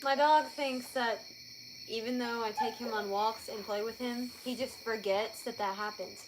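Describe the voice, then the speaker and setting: A woman's voice: fairly high pitch, fairly even intonation, normal speed. A woman chatting and teasing from the side of a casual livestream on a back deck at night. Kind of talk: casual chat. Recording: outdoor insect noise.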